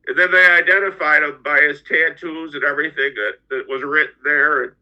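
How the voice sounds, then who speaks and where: A middle-aged man telling his own story as a podcast guest, halting and often repeating his words. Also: on the high side, fairly even intonation, pushed and bright. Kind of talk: personal storytelling. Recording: dull lo-fi audio.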